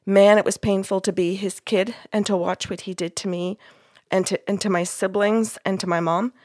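A woman's voice: medium pitch, fairly even intonation, moderate pace, darkish tone, dry recording, studio quality. A woman podcast host retelling a session in casual chat, acting out the quoted dialogue.

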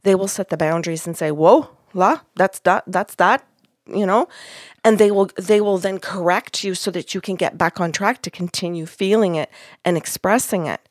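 A woman's voice: lowish voice, fairly quick, darkish tone, no room sound, clean studio sound. A woman podcast host retelling a session in casual chat, acting out the quoted dialogue.

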